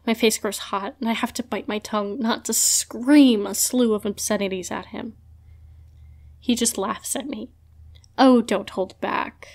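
A woman narrating a first-person fantasy audiobook in an expressive way. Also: fairly high pitch, moderate pace.

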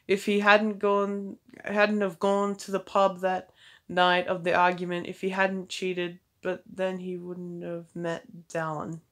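A woman's voice: medium pitch, fairly bright tone. A woman reading fanfiction aloud, stopping often for casual, wry asides and restarting words as she goes. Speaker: fanfiction reader.

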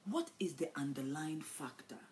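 A woman preacher giving a dramatic sermon, swinging from hushed storytelling to loud declarations. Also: deep voice, animated, moderate pace, slight background noise.

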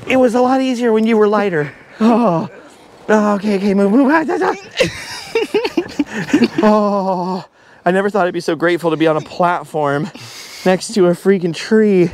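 A middle-aged man vlogging outdoors from a high forest walkway, nervous and breathless, laughing at himself and repeating his worries. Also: normal speed, long pauses, a little mellow. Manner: jittery and self-mocking, laughs often, repeats himself. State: breathless from nerves. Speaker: travel vlogger. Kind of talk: nervous chatter to camera while walking a treetop trail.

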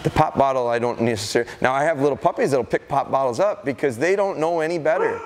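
Animated man giving a dog-training seminar. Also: mid-range voice, quick pace, few pauses, noisy background. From Wisconsin. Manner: animated storytelling, acts out excited calls to dogs. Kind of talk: live seminar talk to an audience. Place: large indoor hall with a corridor.

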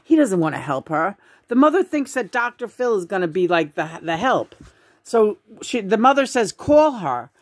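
A woman hosting a casual review show, telling the story in an excitable, profane way and laughing often. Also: mid-range voice, moderate pace. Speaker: host reviewing a documentary. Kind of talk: casual chat.

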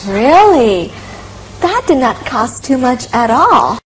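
Lively, slow-talking woman asking questions. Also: a little high, slight background noise, poor audio. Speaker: dialogue reader in an English lesson. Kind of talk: scripted lesson dialogue.

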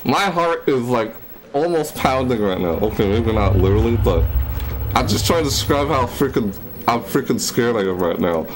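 A man's voice: moderate pace, rough recording. A young man narrating a horror game as he plays, scared and jittery, talking to himself and yelping at sudden noises. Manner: jumps into high yelps when startled. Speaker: gaming YouTuber. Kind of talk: horror game let's play commentary. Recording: steady background noise.

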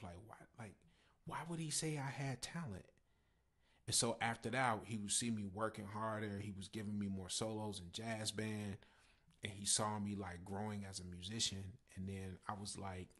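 Male pastor, low husky voice, loose storytelling with fillers. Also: fairly bright tone. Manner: conversational, with fillers and repeated phrases. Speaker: pastor and musician. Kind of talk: personal storytelling talk.

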